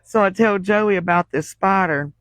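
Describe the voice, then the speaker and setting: A woman's voice: mid-range voice, moderate pace, dry recording, low-quality recording. A woman, hosting a crafting livestream and telling folksy stories with frequent laughter. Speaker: crafting channel host. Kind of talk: casual livestream storytelling.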